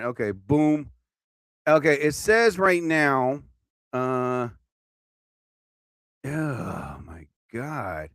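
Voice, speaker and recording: Middle-aged male streamer, slightly high and very animated delivery, rambling and cursing, quick to laugh at himself. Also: clear, resonant tone, no room sound, clean studio sound. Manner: rambling, swearing and laughing at his own jokes. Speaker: live stream host. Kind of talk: casual live stream chat.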